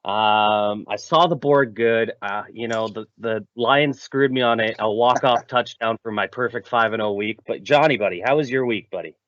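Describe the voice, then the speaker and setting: A man's voice: lowish voice, normal speed, few pauses, fairly bright tone, no echo. Laid-back man co-hosting a podcast. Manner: upbeat, laid-back banter. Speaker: podcast co-host. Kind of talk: casual sports betting chat. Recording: muffled lo-fi podcast mic.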